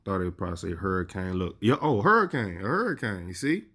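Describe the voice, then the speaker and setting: A male preacher giving a sermon, reading scripture slowly and with emphasis, and often adding "you see". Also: low voice, very animated, a bit bright.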